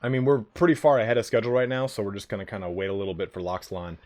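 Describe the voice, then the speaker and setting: A man's voice: on the low side, flat delivery, racing, darkish tone. A man hosting a live stream, chatting casually with viewers in a joking, profane way. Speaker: livestream host of a game league.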